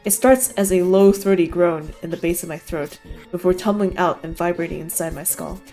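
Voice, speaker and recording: A woman's voice: lowish voice, moderate pace, mellow, faint music behind. A woman streamer giving an intense, dramatic first-person reading of a visual novel.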